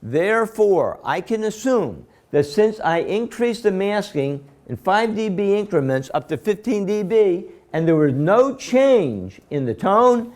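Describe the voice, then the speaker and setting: A man's voice: sits high, big pitch swings, measured pace, few pauses, a little mellow. Man lecturing, quizzing his class. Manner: quizzing students with rhetorical questions; step-by-step, repetitive explaining. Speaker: instructor.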